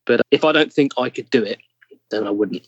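English male guest: husky, mid-pitched, dead dry close mic, thoughtful and halting. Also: no room sound, highs cut off. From England. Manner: thoughtful, searching for words, trailing off. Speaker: actor, podcast guest. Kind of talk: casual interview chat.

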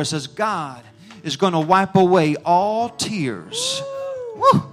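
High-voiced impassioned male preacher. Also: fairly bright tone. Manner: emotional, rising and falling intensity, speaks in tongues. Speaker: pastor. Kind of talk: sermon with altar call. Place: church sanctuary.

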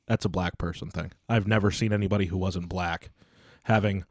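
Man, low voice, measured, opinionated, dry sound. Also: fairly even intonation, darkish tone, no room sound. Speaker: podcast co-host. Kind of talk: casual chat.

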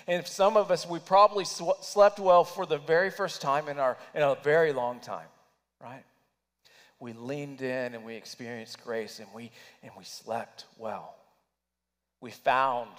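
A man preaching a sermon, swinging between loud urging and hushed, near-whispered passages. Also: medium pitch, measured pace, in a large hall. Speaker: pastor.

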